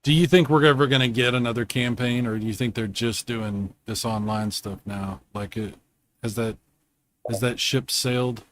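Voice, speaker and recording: A man hosting a casual video game chat from home, rambling and quick to laugh. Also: medium pitch, fairly even intonation, a bit bright, slight background noise. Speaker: host.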